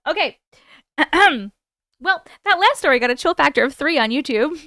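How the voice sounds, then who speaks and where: Chatty woman streamer, high and super animated voice, swears a lot. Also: normal speed, no echo, clean studio sound. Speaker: host reading viewer stories. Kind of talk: casual live-stream chat.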